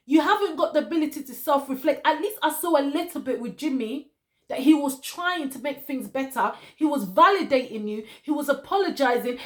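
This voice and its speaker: A woman's voice: sits high, lively intonation, brisk, fairly bright tone. A woman reviewing a reality dating show, lecturing one cast member directly and repeating her points for emphasis.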